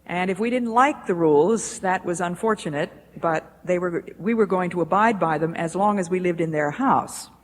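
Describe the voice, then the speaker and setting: A woman giving a devotional talk in a measured, deliberate way, recorded in a lecture hall in the 1980s. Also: fairly low pitch. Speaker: speaker at a Bible institute. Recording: echoey hall with faint hiss, 1980s.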